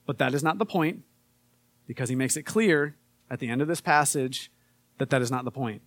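A man preaching a casual sermon, relaxed and conversational with frequent fillers, and more emphatic when he reads scripture. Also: medium pitch, normal speed, no room sound. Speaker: pastor.

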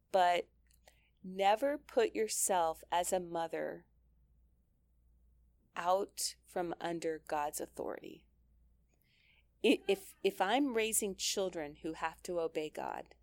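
A woman's voice: fairly low pitch, creaky, no room sound. A middle-aged woman giving an earnest, conversational Christian teaching talk, laughing lightly and often restarting her sentences. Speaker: speaker teaching mothers.

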